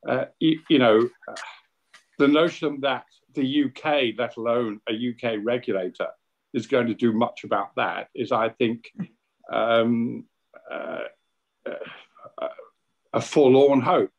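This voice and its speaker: A man's voice: mid-range voice, fairly even intonation, slow, lo-fi sound. Opinionated British man with many fillers. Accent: British English. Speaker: essay contributor at book launch. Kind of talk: online panel discussion.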